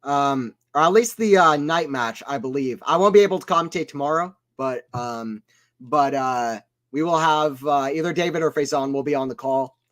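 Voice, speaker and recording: A man giving casual play-by-play commentary on a tennis watchalong stream, chatting with viewers between points and getting loud on big shots. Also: a little high, normal speed. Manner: chatty, reads chat aloud between points.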